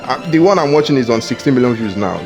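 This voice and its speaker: A man's voice: medium pitch, animated, fast talker, music in the background, close to an everyday voice. A man voicing a young male chauffeur, chatty and amused.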